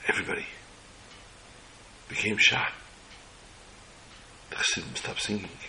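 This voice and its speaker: A man with a very deep voice tells an inspirational religious story. His tone is bright and forceful, and he delivers it in slow, measured phrases. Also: slight background noise, low-quality recording.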